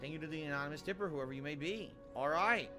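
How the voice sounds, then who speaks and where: A man's voice: on the high side, quick pace. A man streaming a game, chatting upbeat and reading out viewer messages. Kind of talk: live gameplay stream chat. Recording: music loud in background.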